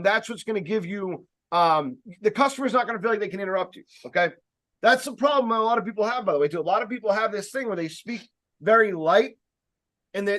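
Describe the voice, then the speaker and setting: A man giving a casual sales training talk, speaking loudly and emphatically, with rambling jokey asides and plenty of fillers. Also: sits high. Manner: loud, emphatic, projecting voice.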